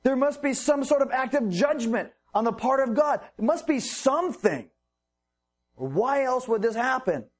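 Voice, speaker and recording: A man's voice: extremely high pitch, expressive, moderate pace. A man preaching a sermon, reading Bible verses and explaining them earnestly with rhetorical questions.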